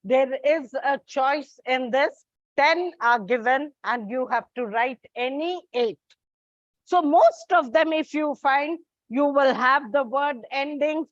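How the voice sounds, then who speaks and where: A woman teacher giving a slow, deliberate English lesson to her students, explaining step by step. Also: high voice, no room sound. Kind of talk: classroom lesson. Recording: dull, lo-fi recording.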